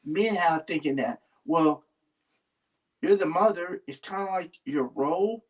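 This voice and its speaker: Sitting slightly back from the mic, a man with a somewhat high voice speaks at a measured pace. He's earnest in a casual, heartfelt chat, rambling and repeatedly restarting sentences.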